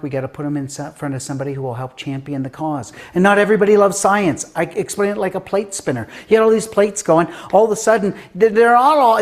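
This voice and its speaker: A middle-aged man, a guest author and science educator, telling anecdotes in an interview. He acts out the voices of the people in his stories and swings between loud, quick bursts and slow, quiet lines. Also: high voice. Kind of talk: animated storytelling in an interview.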